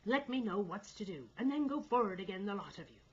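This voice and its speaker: A woman voicing a stern male second mate giving sharp orders. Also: medium pitch, expressive, fast talker, breathy edge, muffled recording. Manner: sharp, commanding.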